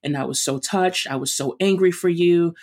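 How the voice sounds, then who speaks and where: A woman with a New York accent, a runner and chef, telling her story as an interview guest in an animated, emphatic way with quick restarts. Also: fairly low pitch. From New York City.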